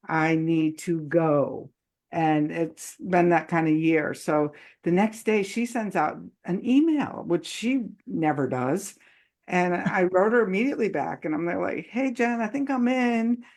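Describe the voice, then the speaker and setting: A woman's voice: fairly low pitch, a little mellow. A woman hosting a casual live online chat, talking loosely with many fillers and frequent laughs. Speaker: host.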